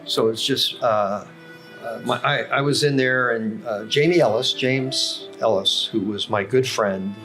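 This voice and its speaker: A man's voice: mid-range voice, unhurried. An older man in a coffee house telling long career stories as a podcast guest, with many fillers and self-corrections. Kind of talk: casual storytelling. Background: music playing.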